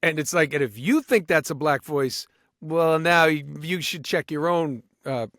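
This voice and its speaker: A man guesting on a podcast as a voice actor, talking in an animated way and slipping into quick voices. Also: a little high, no room sound, studio quality. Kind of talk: casual podcast conversation.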